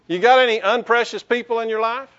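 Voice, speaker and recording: A man's voice: extremely high pitch, steady tone, quick pace, a bit bright, lo-fi sound. A man pastor preaching a sermon in a conversational way, with restarts and rhetorical questions to the congregation.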